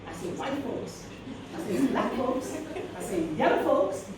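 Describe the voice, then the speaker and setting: Woman keynote speaker, high and sassy, preachy calls to the crowd, heard from far off in a very echoey school hall. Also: very animated, unhurried. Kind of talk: motivational keynote to teachers. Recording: very echoey hall recorded from a distance.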